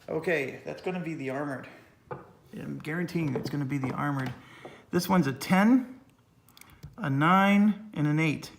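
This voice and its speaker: A man's voice: on the high side, unhurried, creaky, long pauses. A man talking through a solo board game playthrough, reading rules aloud and thinking through his moves, coughing a little.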